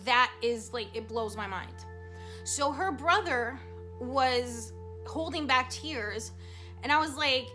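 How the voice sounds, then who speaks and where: A woman casually telling a personal story to camera as a psychic vlogger, animated and emotional, with many fillers. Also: high voice, slow. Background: soft background music.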